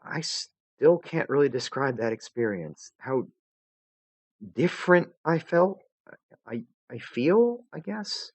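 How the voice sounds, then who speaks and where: A man's voice: mid-range voice, big pitch swings, slow, no room sound, voice pushed up, full character voice. A man voicing a brash teenage troll girl whose cocky talk turns shaky and full of stammers.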